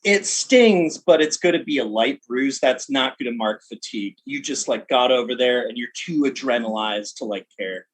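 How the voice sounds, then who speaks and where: Husky man running a tabletop game. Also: mid-range voice, moderate pace, hardly any pauses, poor audio. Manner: animated, casual narration. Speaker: game master.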